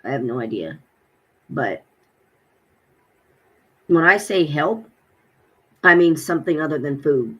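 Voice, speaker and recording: A woman's voice: low voice, lively intonation, slow, pauses often, husky, dull audio. A woman vlogging casually, animatedly retelling phone calls and acting out both sides. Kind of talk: casual personal vlog.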